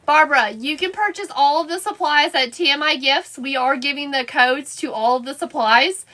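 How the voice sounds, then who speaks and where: A woman's voice: high voice, moderate pace, pushed and bright. A woman hosting a casual craft live stream, chatting and answering viewer comments by name as she works.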